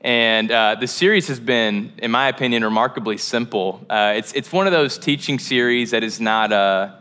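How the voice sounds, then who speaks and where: Bright-voiced casual preaching pastor. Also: male voice, mid-range voice, moderate pace, clean tone. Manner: casual, joking, conversational preaching. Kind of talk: sermon. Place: church sanctuary.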